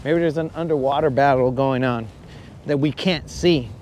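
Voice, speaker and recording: A man's voice: medium pitch, normal speed, darkish tone, a little hiss or hum. Slangy joking man on a fishing boat. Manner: joking, slangy, calls viewers bros. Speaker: fishing livestream host. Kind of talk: casual live commentary while fishing. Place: outdoors on a boat on a lake.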